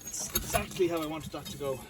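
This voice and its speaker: A man's voice: fairly high pitch, a little fast, heavy background noise. A man narrating casually to the camera while he works outdoors, talking to himself with pleased exclamations and a little out of breath. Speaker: video maker. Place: outdoors at a stone working site.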